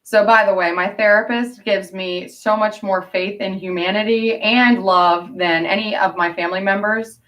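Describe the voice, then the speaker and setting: A woman's voice: medium pitch, fairly even intonation, moderate pace, few pauses, a bit bright. Woman, casual vlog chat, blunt and profane, rambling, slightly distant from the mic. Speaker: vlogger.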